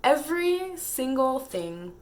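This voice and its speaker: A woman's voice: high-pitched, big pitch swings, takes it slowly. A young woman vlogging an emotional, exasperated rant, tired and laughing through her frustration. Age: young adult.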